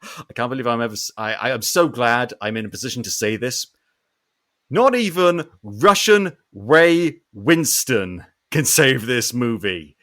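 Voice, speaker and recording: Animated ranting man, fairly high voice. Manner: animated ranting with frequent swearing. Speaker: podcast host. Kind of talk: casual film review chat.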